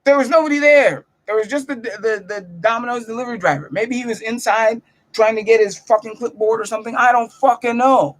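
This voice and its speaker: A young man chatting casually at home in his bedroom, telling profane, self-mocking stories with animated delivery. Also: extremely high pitch, fairly quick. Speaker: comedian vlogger. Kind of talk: casual storytelling vlog.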